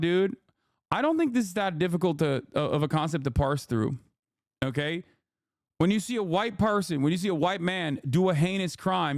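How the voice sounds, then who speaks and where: A man's voice: on the high side, dry recording, studio quality. A man in his thirties streaming live commentary, talking in a heated, profane, lecturing way to his chat. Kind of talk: livestream commentary.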